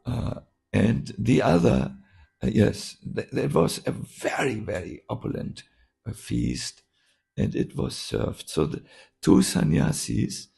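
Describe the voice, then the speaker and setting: A man, a monk, telling a story while teaching a scripture class, halting with many fillers and restarts. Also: medium pitch, big pitch swings, vocal fry, mellow.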